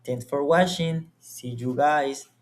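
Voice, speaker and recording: A young man from Colombia, a native Spanish speaker, giving a deliberate, word-by-word class presentation. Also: a little high. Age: young adult. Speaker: student presenter. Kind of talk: slow, careful class presentation.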